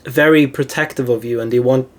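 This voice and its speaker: A man's voice: medium pitch, fairly even intonation, a little fast. Chatty man telling a personal story. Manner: chatty, many "like" fillers, laughs at own stories. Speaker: philosophy channel host. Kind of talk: casual storytelling monologue.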